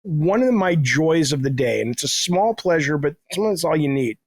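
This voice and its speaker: A man's voice: on the high side, lively intonation, brisk, dry recording. A middle-aged man telling rambling, self-deprecating stories in a casual podcast chat, swearing freely. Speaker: guest, game developer.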